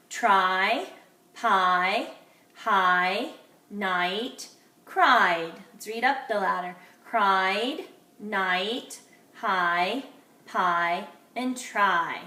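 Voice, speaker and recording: Slow, clear woman teaching phonics. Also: mid-range voice, sharp tone. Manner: slow, clearly enunciated, encouraging, sounds words out. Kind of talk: early-grade phonics lesson video. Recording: echoey room, faint noise.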